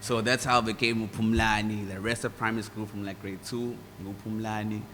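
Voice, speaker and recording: A young South African man with a Durban accent tells relaxed, meandering stories about growing up. He switches into Zulu now and then and does quick impressions of others. His voice carries a long hall reverb over faint ambient noise. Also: on the low side. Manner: relaxed, rambling, mixes in Zulu phrases and mimics voices. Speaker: guest musician. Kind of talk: casual interview storytelling.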